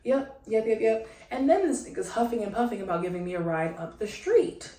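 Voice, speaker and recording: A young woman venting to her viewers in a frustrated, animated way, speaking. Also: a little high, fairly quick. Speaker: vlogger. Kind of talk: casual venting monologue. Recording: echoey room, some distance from the mic.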